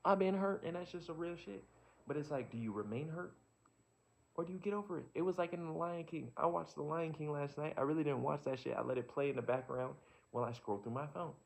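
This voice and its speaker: A man's voice: fairly high pitch, fast talker, vocal fry. A man in a casual reflective monologue, talking candidly and profanely and rambling as he works through his own thoughts. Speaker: vlogger. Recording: dull lo-fi sound.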